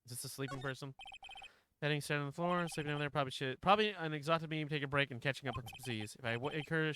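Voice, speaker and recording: A man's voice: mid-range voice, pushed and bright, a little hiss or hum. A man streaming a story game, reading its text aloud with casual, swearing commentary.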